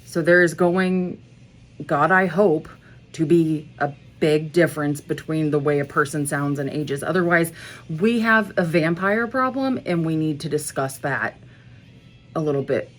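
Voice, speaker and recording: A woman's voice: deep voice, unhurried. A woman talking in a casual music-commentary vlog, blunt and profane, rambling with asides and self-corrections. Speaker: music vlogger.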